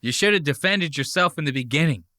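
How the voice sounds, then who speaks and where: A man with a bright, forceful voice that swings animatedly as he mocks what he hears. He swears freely in brash reaction commentary. The sound is dry and close. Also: fairly high pitch, expressive, fast, no room sound. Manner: brash, mocking, profane. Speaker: podcast host.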